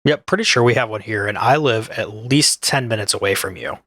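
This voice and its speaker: A podcast co-host with a lowish voice that still has a bright, forceful edge. He jokes in a laid-back way, and the sound is dry and close. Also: fairly quick, no room sound. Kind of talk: casual podcast chat.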